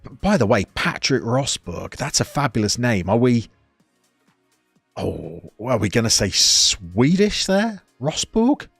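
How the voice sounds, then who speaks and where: A man of about forty-two with a West Midlands accent, reading out chat comments on a live stream and teasing viewers. His pitch swings up and down as he talks, and the sound is close and dry, with faint music underneath. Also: very animated, unhurried, gravelly, a bit bright, breathy edge, no echo. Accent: West Midlands English. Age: 40s. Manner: jokey, teasing banter with viewers.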